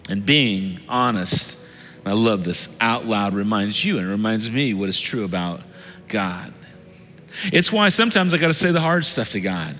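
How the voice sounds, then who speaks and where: A man preaching a sermon as lead pastor, earnest, swinging between loud urging and hushed tones. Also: mid-range voice, lively intonation, fairly quick. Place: church sanctuary. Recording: reverberant church hall with soft music.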